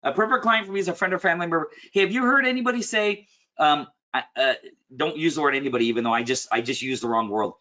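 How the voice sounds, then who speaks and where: A man coaches a client in a loose, one-on-one session, with a bright, forceful edge to his voice. He talks bluntly and with plenty of animation, and he keeps clearing his throat. The recording sounds muffled and lo-fi. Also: fairly high pitch, fast talker. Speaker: business coach.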